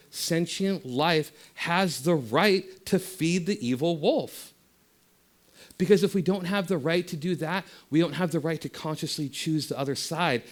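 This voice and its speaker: A man speaking as guest speaker at a spiritual center, giving an impassioned talk that swings from loud exhortation to soft meditation guidance. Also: a little high.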